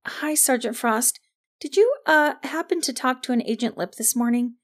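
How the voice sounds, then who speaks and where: A woman's voice: high voice, normal speed, pitched above the performer's own voice, lightly acted. A woman voicing a wary teenage girl. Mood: anxious.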